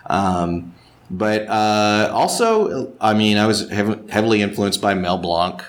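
A man's voice: fairly low pitch, animated, slow pace. A man from Texas, a voice actor, chatting in an interview with easy self-deprecating humor. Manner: self-deprecating, slips into voice impressions. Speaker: voice actor and director. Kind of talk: relaxed interview chat.

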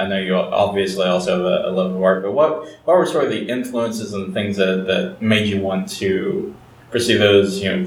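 Lower-voiced male interviewer, friendly and hedging, heard from a distance in a reverberant room. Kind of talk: interview questions. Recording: roomy, distant from the mic.

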